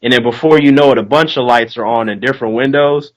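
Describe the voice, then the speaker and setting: Casting note: man co-host, mid-pitched, lively casual storyteller who acts out quotes. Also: fast, poor audio. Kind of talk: casual chat.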